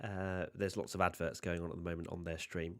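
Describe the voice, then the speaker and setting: A man's voice: sits low, level tone, a little fast. A man co-hosting a live stream in casual chat, teasing and sarcastic. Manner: playful, teasing, sarcastic asides. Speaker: co-host of a live watchalong stream.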